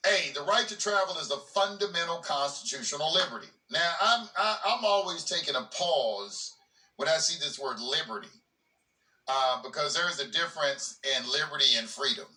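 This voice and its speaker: Male host reading legal text aloud with casual asides. He sounds bright and a little high, and he is recorded in a roomy space away from the mic. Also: expressive, moderate pace, recorded from a distance. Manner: breaks off reading for plainspoken asides, repeats words when he restarts. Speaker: host of a legal commentary channel.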